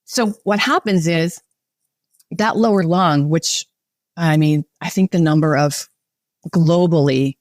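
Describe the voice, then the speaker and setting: A woman breathwork facilitator, talking calmly and instructively as she guides a breathing exercise and explains it. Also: deep voice, takes it slowly, long pauses, dry recording, studio quality. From United States. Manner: calm, instructive, guiding. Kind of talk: guided breathing and podcast chat.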